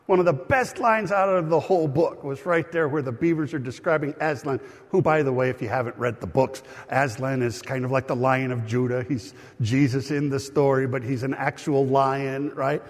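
Husky-voiced pastor in an echoing hall. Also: male voice, medium pitch, moderate pace, hardly any pauses. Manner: animated, conversational storytelling. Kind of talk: sermon. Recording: long reverb of a hall.

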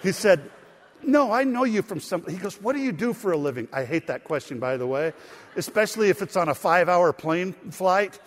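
A man's voice: high voice, lively intonation, fairly quick, in a large hall. A man preaching a sermon as pastor, telling a story and rising to emphatic points. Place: church sanctuary.

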